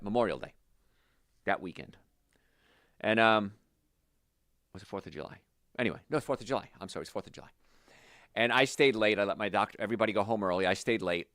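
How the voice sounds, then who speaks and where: Chatty male health practitioner, lowish voice with a lively melody, tells stories, recorded dry and close. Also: dry recording. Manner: animated, chatty, drifts into stories. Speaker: holistic health practitioner answering viewer questions. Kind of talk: casual Q&A monologue with anecdotes.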